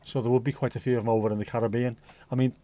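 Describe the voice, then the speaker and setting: A man's voice: mid-range voice, flat delivery, very fast, warm tone, slight background noise. A man hosting a livestream, chatting casually and reading out viewer comments in a rambling way, with the odd swear. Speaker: livestream host.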